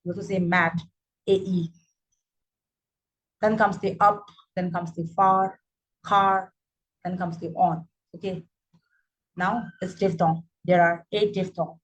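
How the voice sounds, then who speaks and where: A woman's voice: fairly low pitch, fairly even intonation, slow pace, long pauses, poor audio. A woman, teaching English phonetics. She repeats example words and often checks in with "right?". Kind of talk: phonetics lesson.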